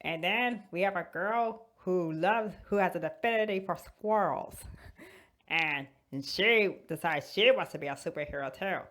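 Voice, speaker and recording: A woman hosting a toy channel, telling a fan story in a casual, animated way with frequent giggles. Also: lowish voice, normal speed.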